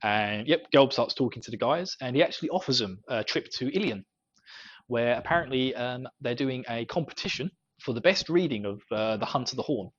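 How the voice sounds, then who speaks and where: A man talks through a book chapter in easygoing podcast chat, chuckling between thoughts. His voice sits at an ordinary middle pitch. The recording is muffled and lo-fi. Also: animated, brisk, slightly rough. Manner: chuckles often while recapping. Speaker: podcast co-host. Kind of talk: casual book discussion chat. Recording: dull lo-fi podcast audio.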